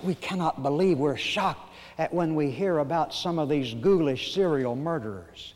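An older man preaching a sermon, moving between folksy storytelling and emphatic, slow points with dramatic pauses. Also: fairly high pitch, darkish tone, big-room sound. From Arkansas, USA. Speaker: pastor.

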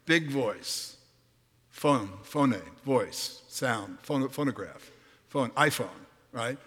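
A male preacher delivers a dramatic sermon in a large church hall, his bright, forceful voice trailing a long reverb. He speaks slowly and deliberately, dropping to near-whispers and then surging to a boom as he reads the verses. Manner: dramatic, swings from hushed to booming when reading scripture.

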